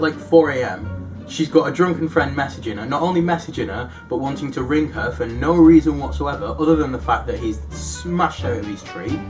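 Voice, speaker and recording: A young man telling self-deprecating stories in a casual vlog, reading out his own old messages with animated, rising delivery. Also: medium pitch. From United Kingdom. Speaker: YouTuber.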